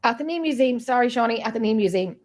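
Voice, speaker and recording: A woman's voice: on the high side, animated, fast, a little mellow, faint music behind. A woman who founded a paranormal investigation group, chatting as a guest and rambling with frequent ums and restarts. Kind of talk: casual chat.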